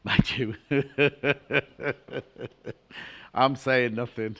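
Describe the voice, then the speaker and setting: A man's voice: medium pitch, fairly even intonation, drawn-out words. A middle-aged man presenting fabrics on a live home-shopping channel, chatty and gushing with jokey asides.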